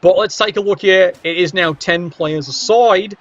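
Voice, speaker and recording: A man commentates on a video game match in a relaxed, chatty way, teasing the players as he goes. His voice sits fairly high, and the recording sounds dull and lo-fi. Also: normal speed.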